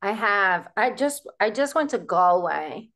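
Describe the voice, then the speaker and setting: A woman's voice: mid-range voice, lively intonation, a little slow, fairly bright tone. A woman interviewing a guest in casual chat, playful and friendly.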